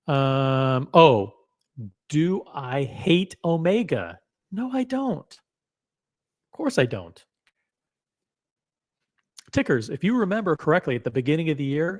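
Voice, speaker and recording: A man hosting a live stream who reacts casually, jokes, swears and reads chat comments aloud. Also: medium pitch. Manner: loose, joking, profane, reads chat aloud.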